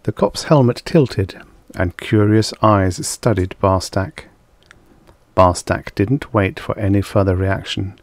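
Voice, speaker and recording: A man narrating vintage science fiction stories in a measured, dramatic storytelling manner. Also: sits low, no room sound. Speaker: audiobook narrator.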